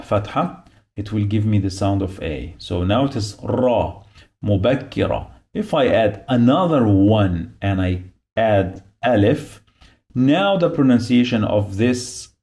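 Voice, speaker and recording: A man's voice: lowish voice, warm tone. A man giving a beginner phonics lesson, repeating each sound and syllable patiently as he explains the marks. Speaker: Arabic teacher.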